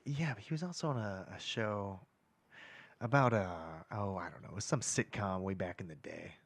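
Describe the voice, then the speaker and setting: Thoughtful low-voiced man, dry close sound. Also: no echo. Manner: thoughtful, measured, with halting restarts. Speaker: podcast co-host. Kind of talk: casual podcast chat.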